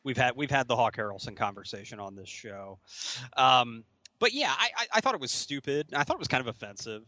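A man's voice: mid-range voice, lively intonation, brisk, pushed and bright, dry recording, dull audio. A man hosting a casual sports podcast, chatty and prone to restarts. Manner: chatty, laughing, many restarts. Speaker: podcast host.

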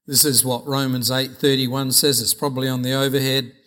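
A man preaching a sermon with personal testimony, earnest and measured, often repeating phrases. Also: medium pitch, level tone, a bit bright.

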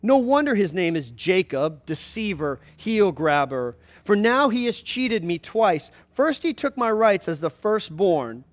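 A man's voice: high-pitched, big pitch swings, a little slow, hardly any pauses. A man reading the lines of a desperate grown son in a raised, pleading, emphatic voice. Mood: indignant.

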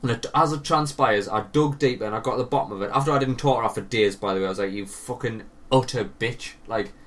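A man's voice: medium pitch, fast, a bit bright, far from the mic. Sweary man telling a story on a podcast. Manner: sweary, laughing, drops voice for quoted lines. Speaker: podcast co-host. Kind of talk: casual storytelling chat.

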